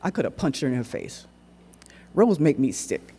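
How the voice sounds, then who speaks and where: A man performing a dramatic monologue on stage, narrating in an animated, dialect-rich storytelling voice. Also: medium pitch, moderate pace, breathy edge. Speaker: solo performer. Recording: echoey hall recording.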